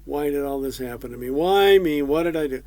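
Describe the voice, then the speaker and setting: A man's voice: on the high side, brisk, a little mellow, no room sound, natural voice. A man voicing a suffering man who whines and pleads in self-pity. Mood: whining. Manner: whiny, pleading. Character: whining, self-pitying suffering old man.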